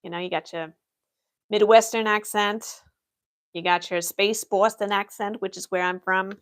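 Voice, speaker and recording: A woman's voice: mid-range voice, steady tone, measured pace. A young adult woman streaming in character as an office worker, answering chat questions with dry, matter-of-fact humor. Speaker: livestreamer playing an Imperial office worker. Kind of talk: in-character livestream Q&A.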